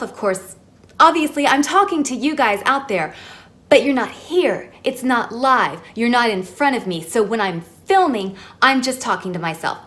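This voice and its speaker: A woman with a mid-range, somewhat bright voice reviews beauty products casually at home, speaking straight into her camera's built-in mic. As a beauty vlogger, she keeps things chatty and pokes fun at herself.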